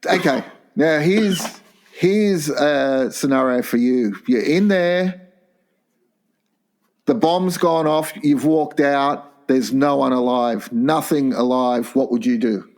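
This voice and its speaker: A man's voice: medium pitch, takes it slowly, darkish tone. A man co-hosting a comedy podcast, crude and rambling as he reads out listener letters. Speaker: podcast co-host. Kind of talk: casual comedy chat.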